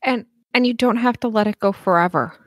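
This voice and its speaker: A woman's voice: fairly high pitch, fairly quick, no room sound, studio quality. A woman co-hosting a podcast in casual chat, speaking earnestly and reflectively with many fillers. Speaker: podcast co-host.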